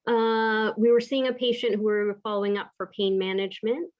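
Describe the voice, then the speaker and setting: A woman physician recounting a clinical case from her work, pausing often with ums and uhs. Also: medium pitch, little pitch movement. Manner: halting, many ums and uhs. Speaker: physician educator. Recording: dull lo-fi recording.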